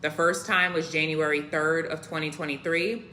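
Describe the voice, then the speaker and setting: A woman's voice: low voice, fairly even intonation, moderate pace, sharp tone, slight background noise. A woman delivering an earnest prophetic devotional message, often tagging her lines with "right?" and "okay?". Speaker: Christian content creator.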